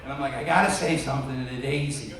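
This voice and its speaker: A young man doing a stand-up comedy set, telling self-deprecating stories and bursting into loud acted voices. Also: mid-range voice, steady tone, fast talker, heavy background noise. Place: comedy club with live audience. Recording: echoey club from far off, audience audible.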